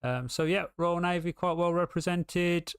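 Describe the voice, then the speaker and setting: A man's voice: high-pitched, normal speed, vocal fry, clean tone, dry recording, studio quality. A British man giving casual live race commentary, rambling and full of ums and restarts.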